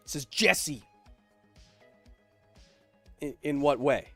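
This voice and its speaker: A man's voice: on the high side, expressive, takes it slowly, pauses often, sharp tone, faint music behind. A man hosting a livestream Q&A, reading viewer questions aloud and answering in a rambling way, with lots of fillers. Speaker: host. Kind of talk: livestream Q&A chat.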